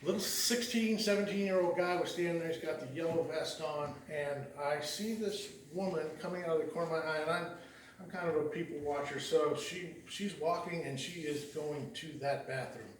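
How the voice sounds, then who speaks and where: A man with a somewhat high voice preaches in a relaxed, storytelling way, circling back and repeating himself as he goes. He is picked up from a distance in a very echoey church, with a faint hiss underneath. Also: normal speed. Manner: folksy, rambling, frequent restarts and repeated words. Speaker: lay preacher. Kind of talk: conversational sermon with storytelling. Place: church sanctuary.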